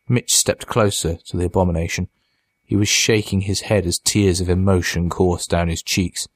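A man reads a horror story aloud in a measured, dramatic way. His voice sits low and steady. The recording is close and dry, with no room echo. It is a scripted audiobook narration. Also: breathy edge.

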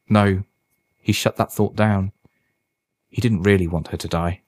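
A man narrating a dark story in a measured, dramatic way. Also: on the low side, no room sound.

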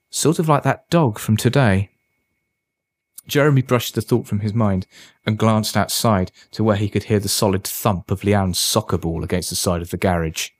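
Male narrator, lower register, dry booth, even storybook delivery. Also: dry recording.

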